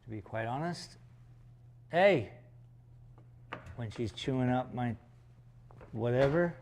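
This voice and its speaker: A man's voice: mid-range voice, animated, slow pace, darkish tone, slight background noise. A man chatting casually on a livestream while he paints, rambling and joking with some swearing. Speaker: painter streaming live.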